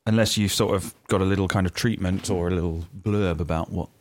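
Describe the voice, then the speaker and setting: Low-voiced man co-hosting a podcast. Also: steady tone, a little fast, a little mellow, dry recording, clean studio sound. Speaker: podcast co-host. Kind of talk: casual podcast banter.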